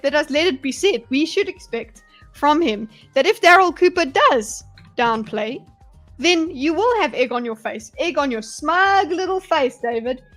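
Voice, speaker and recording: A woman's voice: high voice, fairly bright tone. A woman hosting a livestream and commenting on a debate clip. She talks bluntly and with animation, swears freely and breaks into laughs. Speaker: livestream host analysing a debate. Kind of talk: live reaction commentary.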